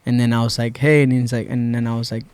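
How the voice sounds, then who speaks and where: A Puerto Rican man appears as a guest in a podcast studio, speaking in a smooth mid-range voice at a quick pace with no room sound. Relaxed and casual, he tells a long story and acts out what people said, quoting their dialogue.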